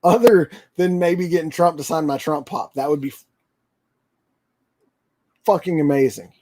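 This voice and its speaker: A man hosts a casual livestream and rambles excitedly, with many ums and restarts. His voice sits a little high for a man. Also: normal speed. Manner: rambling, excitable fan talk with fillers. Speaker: toy channel livestream host.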